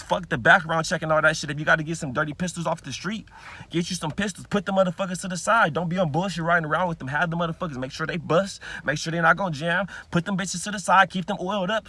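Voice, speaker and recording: Fast, bright-voiced ranting man. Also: a little high, breathy edge, dry recording. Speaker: vlogger. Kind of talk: profane ranting monologue.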